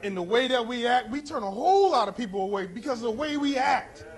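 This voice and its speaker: A man preaching a sermon, impassioned and rising to shouts with drawn-out emphasis. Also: extremely high pitch, lively intonation.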